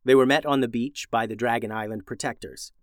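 A man narrating a scripted children's story in a gentle, expressive storytelling manner, as host of the show. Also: medium pitch, fairly quick, no room sound, studio quality.

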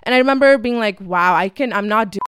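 A woman in her twenties from Dubai talks through a long personal story on her podcast, loose and chatty, peppering it with fillers and curse words. Her voice is smooth and clear. The sound is close and dry, with no room around it. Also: medium pitch, fast, fairly bright tone, no room sound. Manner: chatty, swears freely, fillers like "like". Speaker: podcast host. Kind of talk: casual storytelling monologue.

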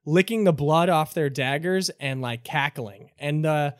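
A man's voice: fairly high pitch, measured pace, no echo, clean studio sound. A man narrating as game master in a tabletop role-playing game, loose and full of fillers.

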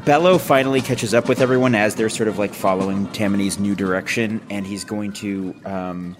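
A man playing a tabletop game, relaxed as he narrates his character's actions. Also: on the low side, fairly quick, over music. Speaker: player.

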